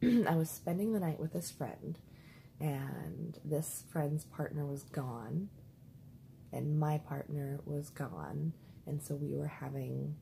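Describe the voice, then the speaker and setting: A woman talking through her dream journal in a rambling, casual way, repeating words and clearing her throat, with the hiccups. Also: deep voice, dark tone, slight background noise, poor audio. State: has the hiccups. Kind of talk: casual spoken diary.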